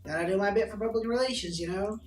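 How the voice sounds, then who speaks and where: A man's voice: high-pitched, quick pace, close to an everyday voice. Man doing a swaggering cowboy governor, folksy and boastful, roomy and distant, music behind. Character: brash cowboy-style American governor, self-important. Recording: roomy, distant sound under background music.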